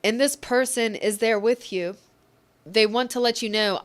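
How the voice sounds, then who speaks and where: A woman giving an emotional, reassuring tarot reading, speaking gently and getting choked up at times. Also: on the high side, unhurried. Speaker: tarot reader.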